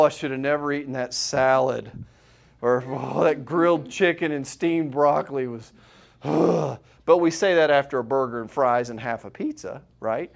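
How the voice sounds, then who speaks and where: A middle-aged chiropractor gives a live seminar to an audience in a room, speaking conversationally and asking plenty of rhetorical questions. His voice is on the high side.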